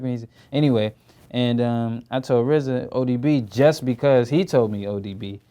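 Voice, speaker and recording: This smooth, medium-pitched man speaks at a moderate pace. He's a young actor in his twenties, appearing as a studio interview guest and talking loosely and casually with plenty of slang and fillers.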